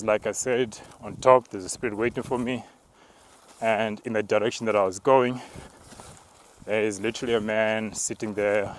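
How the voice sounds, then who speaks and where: A low-voiced man narrates a spiritual walk as he climbs a mountain path outdoors. He talks calmly and in a measured way, and now and then breaks into tongues. His voice stays fairly level, with little rise and fall. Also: slight background noise. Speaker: apostle.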